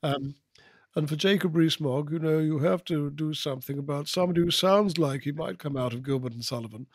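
A British man, a guest comedian and impressionist, chatting on a podcast in an animated, digressive storytelling manner. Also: a little high, brisk, slightly rough, no echo, studio quality. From United Kingdom. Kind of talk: podcast conversation.

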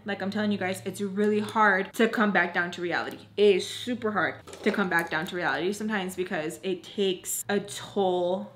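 A young woman in her twenties telling a casual storytime vlog at home, animated, filling every phrase with "like" and acting out what people said. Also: medium pitch. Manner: animated, fillers "like" constantly, acts out quoted lines. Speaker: vlogger.

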